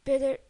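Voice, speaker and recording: A young woman giving casual let's-play commentary, excitable and swearing as she talks to the game. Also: slight background noise. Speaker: gameplay commentator.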